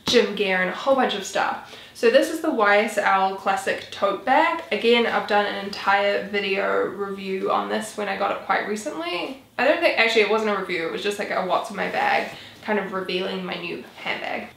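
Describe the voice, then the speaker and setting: A woman's voice: mid-range voice, normal speed, creaky, fairly bright tone, reverberant. A woman in her twenties, chatting casually as a vlogger, rambling with lots of "like" and "um". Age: 20s. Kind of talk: casual chat.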